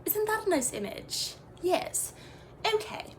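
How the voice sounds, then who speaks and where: Slow and sing-song, a young comedy creator commits fully to the voice of a pompous fake female professor in an improvised meditation-lesson sketch. She rambles mock-seriously, trailing off with fillers and half-finished sentences. Her voice sits high, with a faint hum of noise running underneath.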